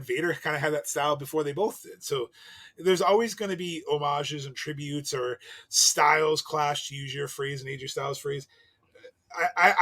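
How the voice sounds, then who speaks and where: A man co-hosting a casual wrestling podcast, animated, laughing often and swearing. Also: fairly high pitch. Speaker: podcast co-host.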